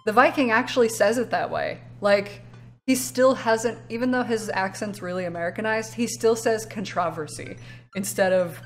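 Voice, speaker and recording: A woman's voice: mid-range voice, moderate pace, faint music behind. A woman streaming a game, chatting casually with viewers, laughing often and swearing freely. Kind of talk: let's play commentary.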